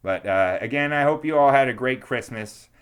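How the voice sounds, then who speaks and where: A man's voice: medium pitch, expressive, moderate pace, smooth. A young man co-hosting a podcast, telling a story in a rambling casual way, full of fillers and restarts, raising his voice to act out quotes. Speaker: podcast co-host.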